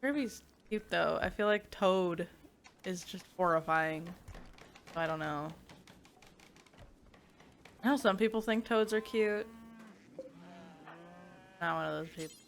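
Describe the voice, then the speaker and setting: A woman's voice: lowish voice, slow, vocal fry, long pauses, a little hiss or hum. A young woman streaming a game as a VTuber, chatting casually, reading chat aloud and laughing often.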